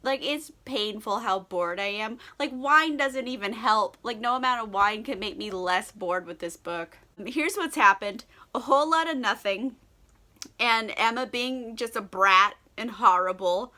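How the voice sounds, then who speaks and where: A young woman with a bright, edgy voice pitched a little high, chatting tipsily into the camera. She rants sarcastically about a book, swears freely and breaks into giggles. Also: a little slow. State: tipsy. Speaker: book vlogger. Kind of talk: casual book review chat.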